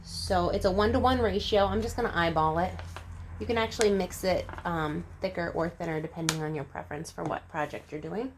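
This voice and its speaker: A woman's voice: lowish voice, brisk, slight background noise. A woman hosting her own DIY channel, talking viewers through a craft project step by step in a casual, friendly way. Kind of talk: casual how-to narration.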